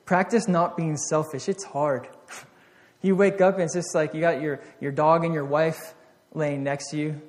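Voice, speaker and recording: A man preaching a sermon, earnest, swinging from loud exhortation to hushed reflection, often repeating and restarting his phrases. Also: a little high, steady tone, moderate pace, long reverb tail.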